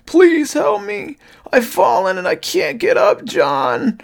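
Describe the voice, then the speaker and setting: A man voicing a creature that pretends to be an old, crippled father, begging in a high, raspy, strained whine. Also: wildly swooping pitch, slow pace, full character voice. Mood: pleading. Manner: high, strained, whining pleading. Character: creature mimicking an old bedridden father, pleading.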